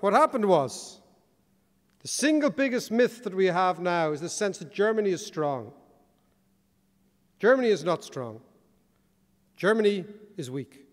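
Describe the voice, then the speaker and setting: An Irish man delivers a conference keynote in a wry, joking, animated way. His voice sits high for a man. The sound carries the long reverb of a large hall. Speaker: keynote speaker. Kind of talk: conference speech.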